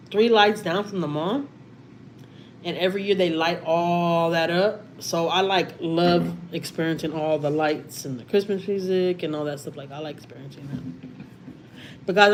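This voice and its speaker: Woman, Texan accent, casual livestream chat, lowish voice, faint hiss behind. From Houston, Texas. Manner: chatty, reads out viewer comments, says y'all often. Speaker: livestream host. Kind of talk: casual live-stream chat. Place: home.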